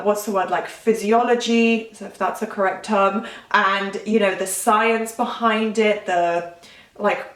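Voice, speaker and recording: Woman, vlogging coach, chatty and self-correcting, mid pitch, roomy distant sound. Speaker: manifestation coach. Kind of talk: casual talking-head advice.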